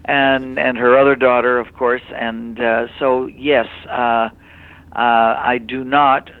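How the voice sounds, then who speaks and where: A man's voice: medium pitch, level tone, slow pace, clean tone. An older man telling stories in a gushing, casual chat over the phone. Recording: tinny phone line.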